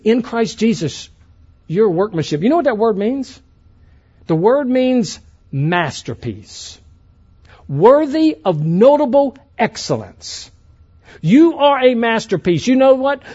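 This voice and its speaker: Emphatic man preaching with a lively voice. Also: high voice, slow pace, dull audio. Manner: emphatic, preacherly, swings between loud and hushed. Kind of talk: sermon to a youth conference.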